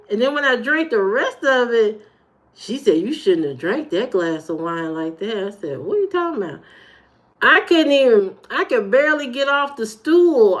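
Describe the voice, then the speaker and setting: An adult woman from Indiana, with the accent to match, hosts a livestream and reads comments in casual chat. Her high voice can sound youthful, and it jumps up animatedly as she retells stories.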